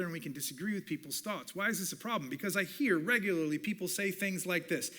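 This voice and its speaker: A man who is a communications professor, giving an animated teaching talk at a church and acting out bits of dialogue. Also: sits high, quick pace, hardly any pauses. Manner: animated, acts out quoted dialogue.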